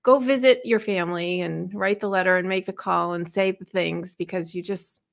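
A woman from Tennessee co-hosting a podcast, telling stories in a casual, animated way and acting out the quotes. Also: lowish voice, normal speed, gravelly. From Tennessee, USA. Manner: animated storyteller who acts out quotes. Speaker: podcast co-host. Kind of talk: casual chat.

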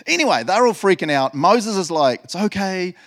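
Aussie guy preaching, lively and chuckling a lot, does little voices for the story bits. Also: sits high, normal speed. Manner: animated, laughs often, acts out voices of biblical figures. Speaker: pastor. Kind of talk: sermon.

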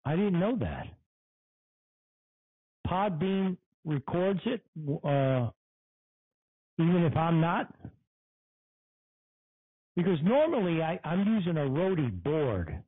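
A man's voice: a little high, big pitch swings, takes it slowly, pauses often, dry recording, phone-quality sound. A man hosting a casual podcast, angry and profane, mocking and swearing. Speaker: podcast host. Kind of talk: casual profane livestream rant.

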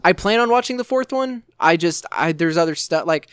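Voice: mid-range voice, animated, a little fast, a bit bright, clean tone, dry recording, studio quality. A podcast co-host in casual chat, giggly and rambling. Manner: giggly, rambling, many fillers.

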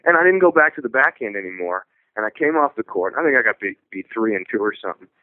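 A tennis coach talking on a radio show, telling stories in a relaxed, conversational way. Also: male voice, on the low side, quick pace, no room sound. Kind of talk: radio talk show discussion. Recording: tinny phone-like radio audio.

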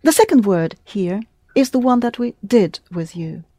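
A woman leads a one-to-one language lesson, patient and encouraging. She says each word slowly and clearly, then repeats it. Her voice is mellow, and the recording is dry and close. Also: medium pitch, lively intonation, no room sound. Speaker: language teacher.

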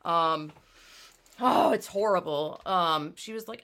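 Woman podcast host, bright forceful tone, fast heated casual chat with frequent swearing. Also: lowish voice. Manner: fast, emphatic, swears freely, acts out quoted people.

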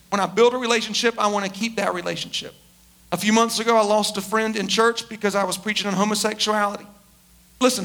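A man with a very high, bright, sharp voice preaches in a loose, conversational way. He is emphatic and often stumbles over repeated words as he restarts his sentences. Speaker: pastor. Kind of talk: conversational sermon.

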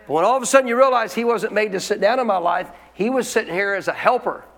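A man's voice: high-pitched, fast talker, fairly bright tone, big-room sound. A male pastor preaching a sermon in a conversational way, often asking the congregation questions.

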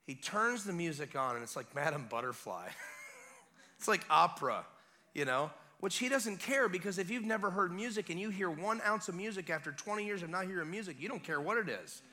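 A man preaching a revival sermon as guest preacher, retelling a scene in an animated way with casual asides. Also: sits high, brisk. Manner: animated storytelling, acting out scenes; conversational asides.

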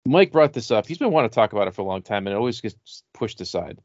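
A man's voice: fairly low pitch, very animated, quick pace, a little mellow, no room sound, dull audio. A man hosting a podcast in casual chat, leading the discussion in a dry way over a remote call mic. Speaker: podcast host.

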